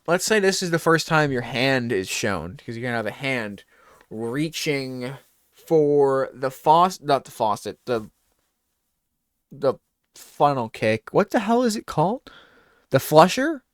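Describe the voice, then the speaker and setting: With a smooth voice that runs a little high, a talk show host launches into a meandering comic story, acting out the scenes with lots of energy. The audio is clean studio sound with no echo.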